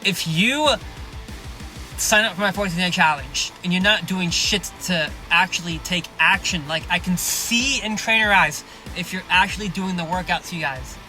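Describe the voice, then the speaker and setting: Brash, profane high-voiced fitness coach. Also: male voice, moderate pace, pushed and bright, faint music behind. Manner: blunt, sarcastic, profane, keeps saying "you guys". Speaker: fitness coach and podcast host. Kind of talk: podcast monologue.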